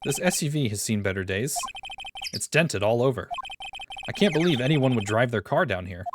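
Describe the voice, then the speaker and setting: A man reading a weary young male lawyer in a dry, deadpan low voice, over game music. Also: moderate pace, lightly acted.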